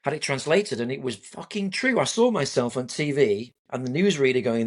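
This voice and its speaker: A male interview guest telling an animated personal story, vivid and sweary, laughing at himself. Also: medium pitch, normal speed. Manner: vivid, swearing, self-deprecating.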